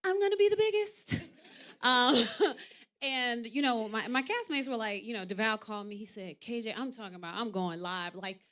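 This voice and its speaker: A woman in her thirties, an actress guest on a talk show, telling candid stories; she acts out quoted voices with big jumps in pitch and loudness, and drops soft and low when serious. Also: normal speed. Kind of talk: candid conversational storytelling.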